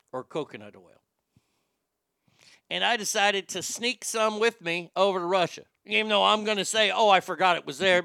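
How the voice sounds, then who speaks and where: A man hosting a podcast, ranting with sarcastic, profane bluster. His voice is bright and forceful, with a crisp, clean tone. The sound is close and dry, with no room around it. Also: sits high, no room sound. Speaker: podcast host. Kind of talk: opinionated talk show rant.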